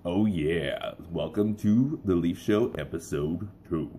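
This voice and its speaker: A man voicing a deep-voiced radio announcer in a slow, smooth commercial voice-over delivery. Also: background noise. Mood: announcing.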